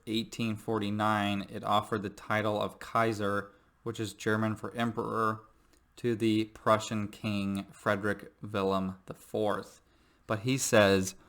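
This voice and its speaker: A man's voice: on the low side, fairly bright tone. A man who teaches history, giving a recorded lecture in a joking, rambling way with many fillers.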